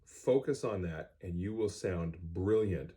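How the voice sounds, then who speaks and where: Deep and warm, this middle-aged man's voice is expressive and unhurried as he teaches a music class. As band teacher, he speaks to students plainly and directly with an instructive aim. A cell phone made the recording.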